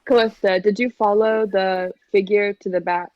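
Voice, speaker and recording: A woman's voice: mid-range voice, steady tone, moderate pace, dry recording, muffled recording. A woman acting as game master, narrating a tabletop game with many hesitant fillers.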